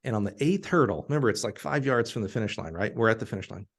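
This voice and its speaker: A middle-aged man from Alabama, hosting a podcast and telling a story in an animated, laughing way. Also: fairly low pitch, very fast, creaky, slightly rough. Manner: animated, laughing storyteller who acts out quotes. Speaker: podcast host.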